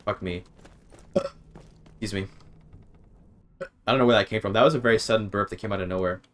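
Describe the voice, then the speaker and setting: A man's voice: on the low side, fairly quick, a bit bright. Rambling male streamer thinking aloud. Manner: rambling, self-interrupting, swears freely. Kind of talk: casual gaming stream chat.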